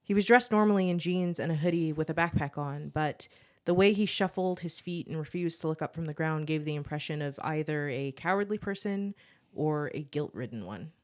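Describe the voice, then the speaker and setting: A woman with a low, grounded voice reads her own short fiction aloud at an even storytelling pace. As a podcast co-host, she then slips into easy, laughing chat with her partner. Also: a little fast. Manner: steady storytelling read, laughs often in chat.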